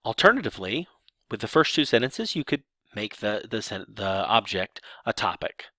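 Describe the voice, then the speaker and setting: A man's voice: fairly low pitch, normal speed, no echo. A man teaching sign language grammar, explaining examples step by step with some restarts. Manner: lively explanatory delivery with restarts.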